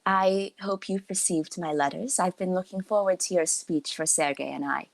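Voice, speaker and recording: A woman's voice: on the low side, moderate pace, creaky, no room sound. A woman voicing a poised young noble bride who answers with polite, slightly strained courtesy, in a dry, close recording.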